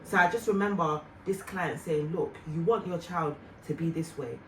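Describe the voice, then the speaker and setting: A woman vlogger and mother telling a heartfelt personal story in an earnest, reflective way, with soft fillers. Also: lowish voice, moderate pace. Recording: roomy, distant mic, faint noise.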